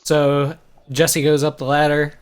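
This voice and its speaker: A man narrating as game master of a tabletop game, relaxed and hesitant, with many fillers. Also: fairly high pitch, a little slow, clean tone. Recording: muffled lo-fi recording.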